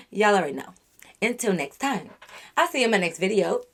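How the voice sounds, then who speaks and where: A woman's voice: mid-range voice, moderate pace. A young woman telling a storytime on her channel, ranting bluntly and with lots of profanity at someone who lied to her. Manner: animated, blunt and profane, venting at the listener. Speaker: YouTube storyteller. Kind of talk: casual storytime rant.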